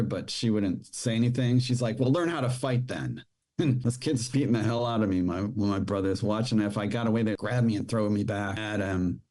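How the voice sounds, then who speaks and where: A man's voice: on the low side, warm tone. A middle-aged man, a podcast guest, telling his own childhood story with emotion and quoting the people in it. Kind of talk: personal storytelling.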